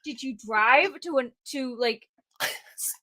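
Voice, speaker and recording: Female co-host, fairly high voice, easygoing and teasing, casual stream chat. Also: slow, pushed and bright. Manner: easygoing, teasing, laughs along.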